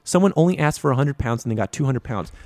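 A man's voice: medium pitch, expressive, fast talker, a little mellow, no echo. A man hosting a comedy show, reading odd news stories and adding sarcastic, rambling and crude asides. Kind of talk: comic news commentary.

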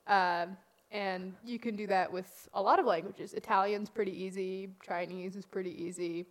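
A woman's voice: mid-range voice, steady tone, normal speed. Middle-aged woman, co-host, light casual banter with frequent laughs. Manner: giggly, joking. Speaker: co-host, mother. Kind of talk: casual chat.

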